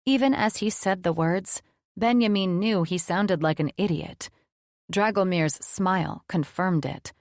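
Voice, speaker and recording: A woman's voice: lowish voice, a little slow, no echo, studio quality. Woman narrating a romance audiobook.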